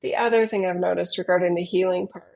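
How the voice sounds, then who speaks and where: A middle-aged woman in casual podcast conversation, playful and quick to laugh. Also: fairly low pitch, fairly even intonation, gravelly, a little mellow, poor audio. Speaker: podcast guest. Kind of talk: casual chat.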